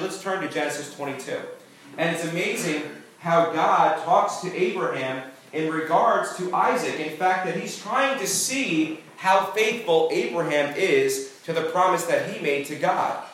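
A man's voice: fairly high pitch, a bit bright, slight background noise. A man preaching a sermon as pastor, emphatic, with call-and-response to the congregation. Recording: echoey church room, distant mic.

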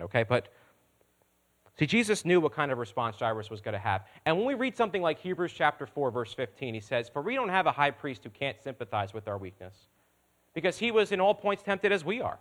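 A man preaching a sermon in a conversational way, checking in with his congregation and swinging between quiet asides and loud emphatic lines. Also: a little high. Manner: conversational, asks the room for responses. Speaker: pastor.

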